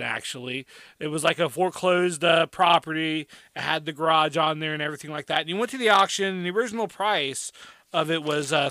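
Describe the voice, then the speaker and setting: A man rambles through a story on a casual podcast, filling gaps with "like" and "uh". His voice sits high and bright. The sound is dry and close. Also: dry recording. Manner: rambling, animated, many fillers. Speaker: podcast co-host.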